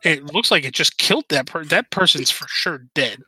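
A man's voice: on the high side, expressive, normal speed, sharp tone, husky, no room sound, heavily acted. A man voicing a blunt, suspicious soldier. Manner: blunt, accusing. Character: suspicious mounted male soldier.

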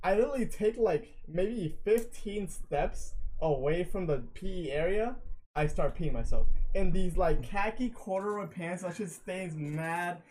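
A man's voice: sits high, measured pace, a little mellow, a little hiss or hum, rough recording. A young man casually telling a rambling, profane story, full of fillers. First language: not English.

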